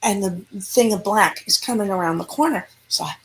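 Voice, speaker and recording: Female paranormal investigator, animated storyteller in an interview. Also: medium pitch, normal speed, noisy background. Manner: animated storyteller, acting out dialogue.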